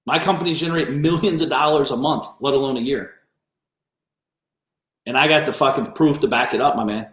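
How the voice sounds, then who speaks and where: A man's voice: mid-range voice, fairly quick, long pauses, a bit bright. Blunt, profane man with an echo. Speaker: business coach host. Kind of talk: livestream rant. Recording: roomy echo.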